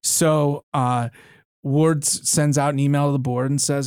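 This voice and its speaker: A man in his thirties sits in a studio as a guest and tells a long story in a relaxed way, restarting sentences and filling pauses as he goes. His voice sits a little high for a man. The recording is dry and close. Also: clear, resonant tone, dry recording. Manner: tells anecdotes with frequent restarts and fillers. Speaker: university board chair and lawyer, guest. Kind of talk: casual storytelling interview.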